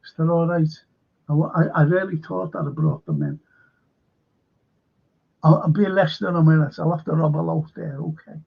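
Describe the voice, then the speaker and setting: A man's voice: fairly high pitch, expressive, moderate pace, creaky, long pauses, slightly rough, phone-quality sound. An older man with a Liverpool accent hosting a livestream, chatting casually and rambling through anecdotes while reading out viewer comments. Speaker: livestream host.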